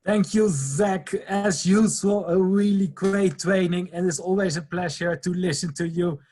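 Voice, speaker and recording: Husky guy hosting an event, friendly, bit halting, kinda high voice. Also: darkish tone. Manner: friendly, hesitant with fillers. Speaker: event host. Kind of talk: casual hosting.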